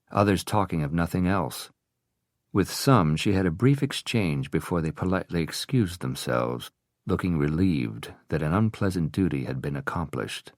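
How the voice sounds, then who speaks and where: A man narrating an audiobook in a steady, even storytelling manner. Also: deep voice, no echo, clean studio sound.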